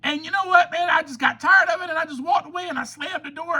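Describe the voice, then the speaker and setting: High, bright-voiced impassioned man. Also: quick pace. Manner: impassioned, preachy, rising to near-shouts. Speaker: podcast host. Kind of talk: recovery podcast monologue.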